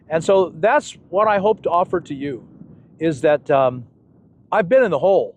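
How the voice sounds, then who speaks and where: Older man, folksy storyteller, slightly high voice; casual interview guest who acts out his anecdotes. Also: animated, moderate pace, a little mellow, muffled recording, a little hiss or hum. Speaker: channel host being interviewed.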